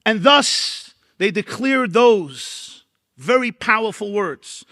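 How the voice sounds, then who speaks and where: A rabbi with a Brooklyn accent delivers a keynote lecture at an event hall. His voice sits high for a man, and he speaks in dramatic oratory, building emphatic repeated lists. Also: lively intonation, takes it slowly, bright, forceful tone. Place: large event hall at a dinner.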